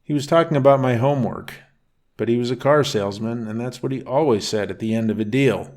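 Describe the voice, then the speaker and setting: A man narrating a first-person bedtime story in a calm, unhurried reading voice. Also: mid-range voice.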